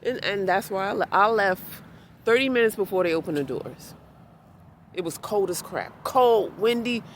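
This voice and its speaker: A woman's voice: mid-range voice, moderate pace, a little hiss or hum. A woman vlogging in a casual, emphatic, heartfelt monologue outdoors in a city, repeating herself for emphasis.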